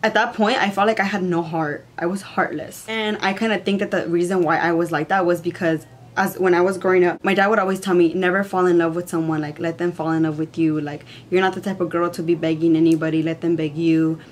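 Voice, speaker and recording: A woman's voice: fairly low pitch, fairly even intonation, brisk. A young woman telling a story in a rambling way with lots of "like", in casual chat. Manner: rambling, says "like" a lot. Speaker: vlogger.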